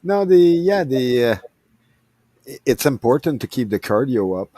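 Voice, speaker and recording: A man's voice: mid-range voice, very animated, normal speed, warm tone. A man in casual chat who agrees readily and stumbles over his words.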